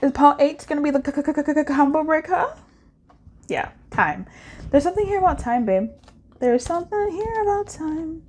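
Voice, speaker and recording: A woman's voice: high voice, animated, moderate pace, slight background noise. A woman doing a casual pick-a-card tarot reading, playful and slangy, with frequent laughter.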